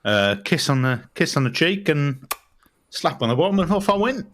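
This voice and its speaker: A man's voice: a little high, sing-song, normal speed, fairly bright tone. A young British man co-hosting a podcast, playful and prone to giggling. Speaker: podcast co-host. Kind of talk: casual chat.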